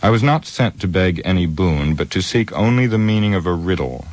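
Proud doubting warrior, read by a deep-voiced man. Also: expressive, brisk. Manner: proud, questioning. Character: proud, doubtful male warrior from a besieged city. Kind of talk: audiobook character reading.

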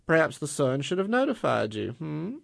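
A man reading a story voices a tall, mocking woman of power who teases and taunts in quick patter. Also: a little high, very animated, gravelly, dry recording, studio quality, voice pushed up, full character voice. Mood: taunting.

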